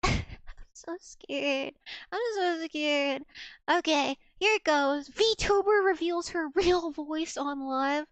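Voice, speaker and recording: A woman VTuber chatting casually on a live stream, rambling and self-mocking, with a soft girlish voice. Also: sits high, slow pace, no room sound.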